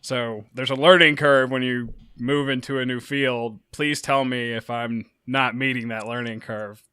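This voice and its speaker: Podcast guy, really bright sharp voice, blunt and jokey, laughs a lot. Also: mid-range voice, fairly even intonation, measured pace, clean tone, dry recording, clean studio sound. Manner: blunt, self-deprecating, laughs often. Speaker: podcast co-host. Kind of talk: casual movie chat.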